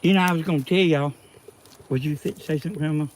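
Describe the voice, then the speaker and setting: A man's voice: fairly high pitch, fast, slight background noise. Rambling, joking Southern man filming outdoors. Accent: Southern US (Georgia). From Georgia, USA. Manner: joking, rambling, talks straight to viewers. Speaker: vlog cameraman and co-host. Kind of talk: casual vlog chat to viewers. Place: outdoor garden. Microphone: camera he holds.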